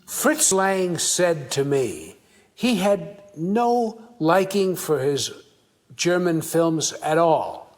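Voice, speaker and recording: A man telling a lively anecdote and acting out the dialogue as he goes. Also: a little high, drawn-out words. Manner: lively, acts out quoted dialogue. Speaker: storyteller recalling a meeting. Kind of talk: anecdotal storytelling.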